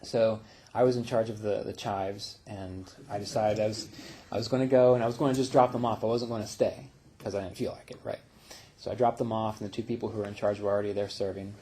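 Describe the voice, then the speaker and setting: A man who teaches meditation, telling personal stories in a relaxed, reflective way, with fillers and small laughs. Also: lowish voice, fast talker, slightly rough. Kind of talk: casual spiritual talk.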